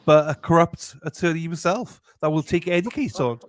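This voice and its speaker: A man's voice: fairly high pitch, normal speed. A man co-hosting a livestream, easygoing and agreeable, reading out chat comments.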